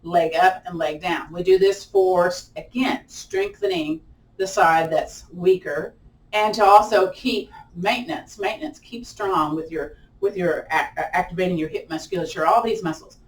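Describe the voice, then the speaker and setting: A woman's voice: fairly low pitch, animated, moderate pace. A woman leading a live online chair yoga class, chatty and encouraging, with a lilt and playful whoops during the holds. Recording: roomy echo, mic at a distance.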